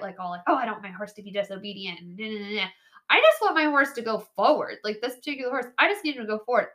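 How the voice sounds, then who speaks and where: Bright-voiced woman coaching riders. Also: high voice. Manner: chatty, animated, laughs often, says "right?" and "like". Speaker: podcast host and horse trainer. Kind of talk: casual coaching talk.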